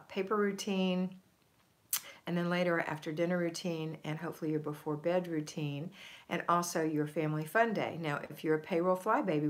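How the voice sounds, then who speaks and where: A middle-aged woman hosting a casual livestream, chatting warmly and greeting her viewers one by one by name. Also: fairly low pitch. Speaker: host.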